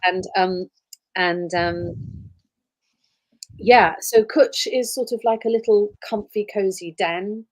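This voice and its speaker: A middle-aged woman who grew up in Wales, chatting warmly on a livestream as she signs prints for fans, with plenty of ums and soft asides. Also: mid-range voice, slow, long pauses, dry recording, poor audio. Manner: warm, gushing, with many ums and soft trailing asides. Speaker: voice actress signing prints for fans. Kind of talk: casual livestream chat.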